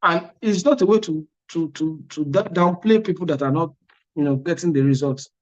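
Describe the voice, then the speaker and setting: A man's voice: on the high side, normal speed, muffled recording. A man, an exam prep tutor giving a motivational class talk, emphatic and repetitive, often checking "are you with me?". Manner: emphatic, repeats words, asks "are you with me?".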